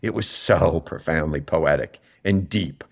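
Deep-voiced man, animated interview guest. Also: a little slow, slightly rough. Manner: animated storytelling, voice rises sharply when moved. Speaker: interview guest, television writer. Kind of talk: reflective interview talk.

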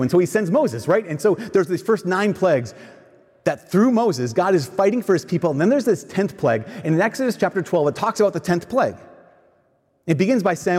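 A man's voice: high voice, brisk, breathy edge. Preacher man in a reverberant hall. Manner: animated, asks the crowd questions and answers them. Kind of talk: sermon.

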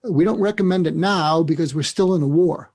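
Man, psychiatrist guest, husky, earnest, step-by-step explainer, interview talk. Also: a little high, brisk, a little mellow. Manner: earnest, reflective, walks through steps one by one; emotional when recalling a mentor.

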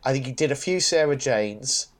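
A man at a middle pitch co-hosts a relaxed podcast conversation. He thinks out loud, repeats words as he gets going and laughs lightly as he goes. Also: normal speed. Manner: chatty, stumbling restarts and chuckles. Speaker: podcast co-host. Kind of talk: casual chat.

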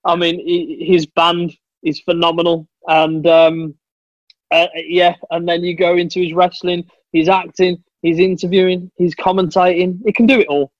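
A man's voice: high voice, little pitch movement, normal speed, no echo. A man chatting casually on a podcast, an enthusiastic storyteller who calls people mate. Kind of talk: casual chat. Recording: dull lo-fi dry sound.

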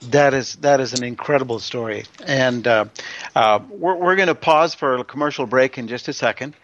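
A man's voice: mid-range voice, moderate pace, a bit bright, no echo. Dry lo-fi male talk show host. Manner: short affirming responses, plain delivery. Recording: dry, dull lo-fi sound.

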